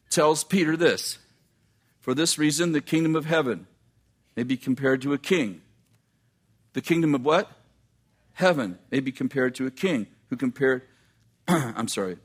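A man with a medium-pitched voice preaches a sermon, reading scripture aloud and breaking off into quick, animated asides to the congregation.

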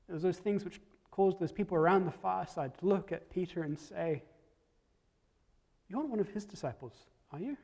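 Guy preaching a story sermon, reflective, goes soft at big moments, bit high-ish, dark tone. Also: long reverb tail.

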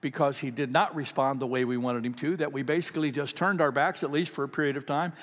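A man's voice: medium pitch, fairly even intonation, fast talker, fairly bright tone. A man preaching a sermon as pastor, in a conversational style that often repeats words. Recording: long reverb of a large hall.

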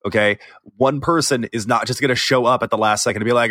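A man's voice: medium pitch, fairly even intonation, quick pace, a bit bright, no room sound, studio quality. A man co-hosting a gaming podcast in casual chat, rambling with many fillers and restarts, teasing his co-host. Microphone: remote call recording.

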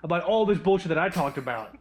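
A man with a slightly higher voice than most, co-hosting a loose podcast chat. He rambles through his story, swears freely, and pokes fun at himself. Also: animated, quick pace. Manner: rambling, profane, self-deprecating storyteller. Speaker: podcast co-host. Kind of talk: casual chat.

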